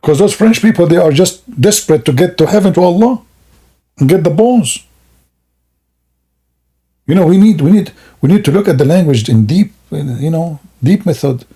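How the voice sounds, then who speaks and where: Gravelly, husky man mocking on a stream. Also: on the high side, animated, moderate pace, pauses often, mellow. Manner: sarcastic, rambling, laughs at own jokes. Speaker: livestream host. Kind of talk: mocking comedic commentary.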